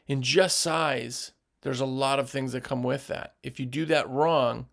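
This window cleaning business owner has a medium-pitched, slightly bright and creaky voice with fairly even intonation and a somewhat slow pace. In a motivational talk, he offers fellow business owners blunt, emphatic advice and plays out customer lines.

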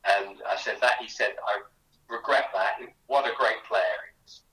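A man's voice: lowish voice, fairly even intonation, normal speed, sharp tone, reverberant, distant mic, low-quality recording. A man, a guest author on a radio interview, telling chatty anecdotes with many restarts. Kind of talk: animated storytelling in a radio interview.

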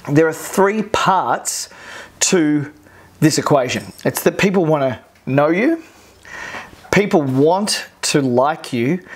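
Energetic Australian course presenter. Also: medium pitch. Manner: energetic and repetitive, acts out crowd cheers. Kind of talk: recorded course lesson.

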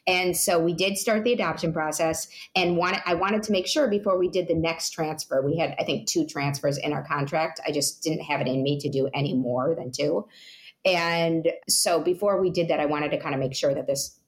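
Woman, 30s, lower register; interview guest recounting her story, loose and rambling, many fillers. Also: moderate pace. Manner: rambling, many "you know" asides and restarts. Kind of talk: personal storytelling.

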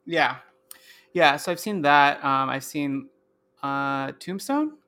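A man co-hosting a podcast in casual, relaxed chat. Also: on the high side, slow pace, a little hiss or hum. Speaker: podcast co-host.

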